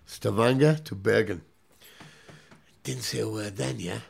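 A man's voice: lowish voice, unhurried, vocal fry, slightly rough. A man telling a story in casual, profane chat, tagging his sentences with "yeah?". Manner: swears constantly, tags lines with "yeah?".

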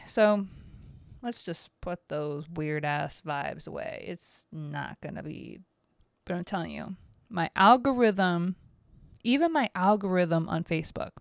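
A middle-aged woman hosting a podcast alone, rambling and self-mocking in casual talk, swearing freely, recorded on a close mic in a quiet room at home. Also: lowish voice, clean tone, no room sound. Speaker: podcast host. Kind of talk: casual solo podcast monologue.

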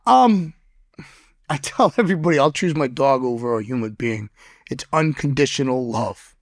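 A man in a podcast interview tells stories in a blunt, cursing way and trips over his restarts as he goes. His voice sits at a middle pitch. The sound is dry and close to the mic. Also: lively intonation, normal speed, dry recording. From Boston. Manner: profane, blunt storyteller with frequent stammered restarts. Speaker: podcast guest. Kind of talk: casual interview storytelling.

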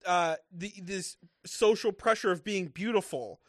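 Rambling man co-host, fairly high voice. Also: unhurried, a bit bright, dry recording, clean studio sound. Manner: rambling, many restarts and likes. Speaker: podcast co-host. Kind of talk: casual recap chat.

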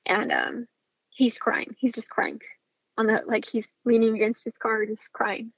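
A woman's voice: on the high side, fairly even intonation, measured pace, creaky, fairly bright tone, husky, no room sound, muffled recording. A woman telling a personal story as an interviewee, casual and rambling with many fillers. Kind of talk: emotional personal recollection.

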